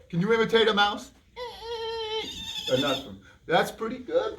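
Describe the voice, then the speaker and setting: Playful, animated man storyteller. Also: high-pitched, a little slow, long pauses, slight background noise. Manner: playful, hammy, talks to a puppet and the kids. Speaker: library storyteller. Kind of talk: reading a picture book aloud to children.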